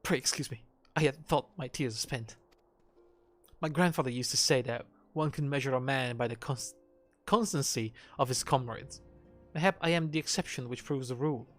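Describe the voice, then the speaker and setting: Streamer voicing a humble young noble commander from a game, formal old-fashioned speech, medium pitch, faint music behind. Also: male voice, moderate pace, lightly acted. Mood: solemn. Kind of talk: reading game dialogue aloud on a live stream.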